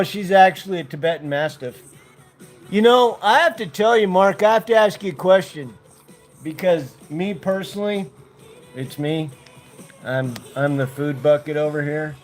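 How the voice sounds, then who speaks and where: An American man on a casual livestream, talking in a laid-back way to his dogs and to viewers in the chat. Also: on the high side. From United States. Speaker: vlogger.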